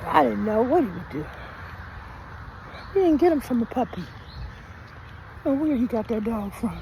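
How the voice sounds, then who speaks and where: An older woman vlogger telling a story in a lively, chatty way while out on a walk. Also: fairly high pitch, measured pace, creaky, a little hiss or hum. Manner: animated, chatty, Southern-style storytelling. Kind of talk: storytelling while walking outdoors. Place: outdoors on a walk, rural road.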